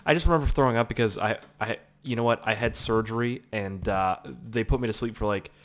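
A young man giving excitable, profane let's play commentary, humming little tunes as he plays. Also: lowish voice, brisk. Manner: excitable, swears a lot, hums little tunes. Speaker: gaming channel host.

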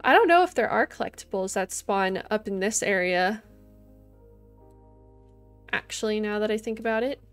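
A woman's voice: mid-range voice, normal speed, pauses often. A young woman streaming a life-sim game, chatting casually with her viewers and her game characters, giggling often. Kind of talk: casual gameplay chat. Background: soft game music.

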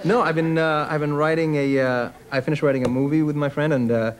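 A man's voice: on the high side, fairly even intonation, fast talker, slight background noise, low-quality recording. A man chatting as a comic guest on a talk show, rambling and self-deprecating, slipping into little acted voices. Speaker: comedian guest.

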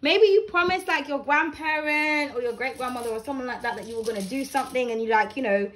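A young woman with a bright, high-pitched voice reads tarot cards to her viewers from home. She talks casually and warmly, with plenty of fillers and restarts as she encourages them. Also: quick pace. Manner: chatty, warm encouraging, many fillers. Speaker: tarot reader. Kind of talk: casual tarot reading to camera. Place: home room with blinds open.

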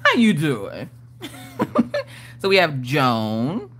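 A woman hosting a casual crafting livestream speaks extremely slowly in a deep, very animated voice with a fairly bright tone, with slight background noise audible. She greets viewers by name and reads their comments aloud, playful and laughing.

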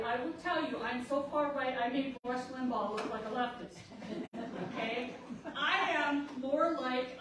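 A woman giving an emphatic public speech at a community center, repeatedly checking in with "okay?". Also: high voice. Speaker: community organizer speaking at a candidate forum. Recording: echoey hall, distant mic, noisy.

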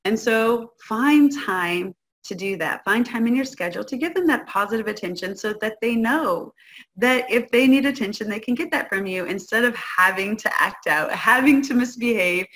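Guest-hosting a parenting talk, a woman with a fairly high voice speaks at a normal pace, teaching an audience casually. She keeps checking in with "right?" and brings quoted parents and kids to life in lively voices.

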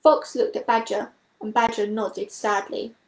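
A woman reading a children's book aloud in clear, even storybook narration. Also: medium pitch, unhurried, echoey room, rough recording.

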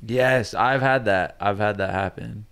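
A man's voice: on the low side, unhurried, gravelly, fairly bright tone, clean tone. A young man co-hosting a podcast, chatting casually with a teasing, enthusiastic manner. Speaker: podcast co-host. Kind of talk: casual chat.

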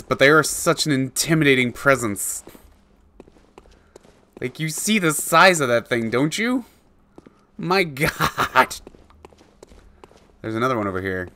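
A man's voice: medium pitch, pushed and bright, a little hiss or hum. A man giving casual commentary while playing a video game, chatting to the creatures on screen and chuckling often. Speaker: let's play gamer.

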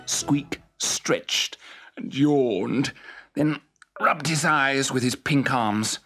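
A man narrating a children's story in a lively, expressive manner. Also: medium pitch, drawn-out words, slightly rough, faint music behind.

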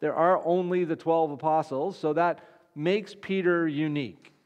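Guy preaching a chatty sermon, kinda high voice, restarts a lot, big echoey church hall. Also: steady tone, unhurried, a little mellow. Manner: conversational, with frequent restarts. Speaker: pastor. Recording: long reverb of a church hall.

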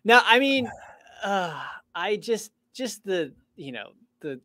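A man's voice: high voice, big pitch swings, bright, forceful tone, no room sound. Guy hosting a chat, stops and restarts a lot, chuckles, dry sound. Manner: halting, laughs often, many restarts. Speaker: host. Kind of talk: casual interview chat.

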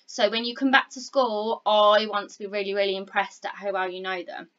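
A woman teaching phonics to young children, encouraging and clear, sounding out words slowly. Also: medium pitch, flat delivery, fairly bright tone, dull audio. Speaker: primary school teacher.

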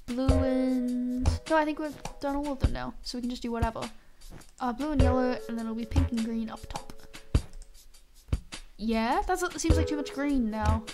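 A young woman with a high voice streams a game, chatting casually with her viewers at a normal speed and fairly even intonation. She swears freely while talking to chat, and loud music plays behind her voice.

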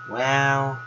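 A man's voice: medium pitch, lo-fi sound. A man giving rambling, wry gaming commentary as a let's play host, talking to himself as he plays. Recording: loud background noise.

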